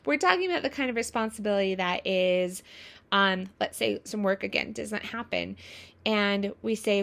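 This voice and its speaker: A woman's voice: medium pitch, moderate pace, gravelly. A woman coaching in a casual teaching style, acting out quoted examples as she explains. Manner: acts out quoted examples with lively shifts in voice.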